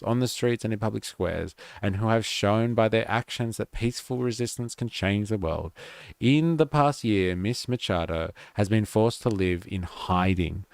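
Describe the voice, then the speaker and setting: Low gravelly man, sarcastic live host. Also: moderate pace, no room sound. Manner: sarcastic, mocking asides. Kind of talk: reading aloud with sarcastic commentary.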